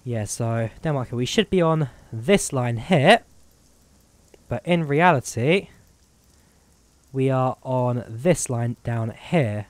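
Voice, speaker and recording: A man's voice: mid-range voice, animated, takes it slowly, pauses often, dry recording. Chatty man with a Midlands-tinged accent. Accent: Midlands English mixed with Eastern European. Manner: chatty, rambling, self-deprecating. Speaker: streamer. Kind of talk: casual gameplay commentary.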